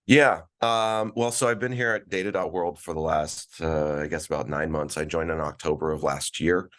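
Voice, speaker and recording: Very deep-voiced man in his forties. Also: moderate pace. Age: 40s. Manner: relaxed, storytelling, many fillers and restarts. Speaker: guest, events director. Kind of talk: casual interview chat. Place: at a conference, remote call.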